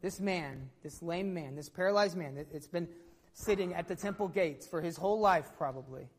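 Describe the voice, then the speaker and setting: A woman's voice: lowish voice, moderate pace, husky, big-room sound. A woman preaching a sermon to her congregation, telling the story with energy and putting questions to the listeners.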